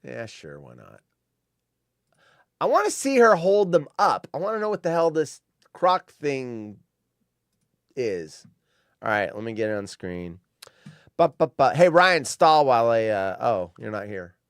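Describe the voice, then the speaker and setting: A man's voice: medium pitch, big pitch swings, measured pace, long pauses, clean tone, no room sound, clean studio sound. A man hosting a live-stream show alone, reacting with sarcastic, rambling commentary and muttered asides. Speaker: show host.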